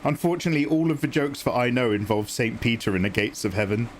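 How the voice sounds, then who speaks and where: A man's voice: medium pitch, animated, fast, slight background noise. A man chatting casually on his art stream, telling a joke in a rambling, self-deprecating way. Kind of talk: casual chat while drawing on stream.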